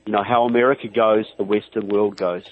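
Kiwi guy on a tinny phone line, lowish voice, earnest and emphatic. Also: fairly even intonation, brisk, slight background noise. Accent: New Zealand. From New Zealand. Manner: earnest, emphatic, runs through long lists. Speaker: guest author, phone-in. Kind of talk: political radio interview. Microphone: telephone.

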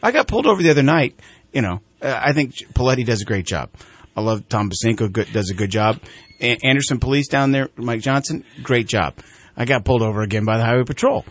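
Animated middle-aged man telling a story. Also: mid-range voice, fast, dry recording. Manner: animated storyteller, acts out quoted voices. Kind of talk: casual conversational storytelling.

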